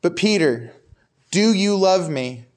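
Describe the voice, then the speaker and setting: A man voicing a gentle, earnest man asking a friend a question, in his own voice. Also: high voice, expressive, slow, voice pushed up. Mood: tender.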